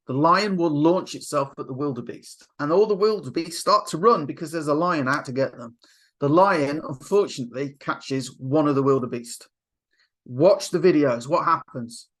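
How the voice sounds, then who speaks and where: A man giving a motivational coaching talk, telling stories with lively acted-out quotes. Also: fairly high pitch. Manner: animated storyteller, acts out quotes. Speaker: NLP coach.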